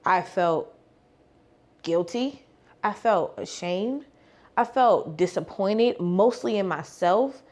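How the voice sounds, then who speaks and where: A young woman tells her faith story as a vlogger and life coach. Her voice sits in a middle pitch, and her delivery is casual and lively. She acts out every bit of the dialogue and slips into relaxed slang. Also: slow pace, long pauses. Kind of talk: personal testimony storytelling.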